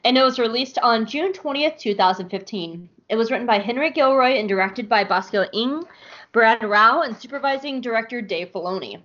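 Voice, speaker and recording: Her voice is fairly high and fairly bright, expressive and brisk, as she co-hosts a podcast about a cartoon series. The conversation is casual and chatty, full of laughs and fillers. Dull, lo-fi recording.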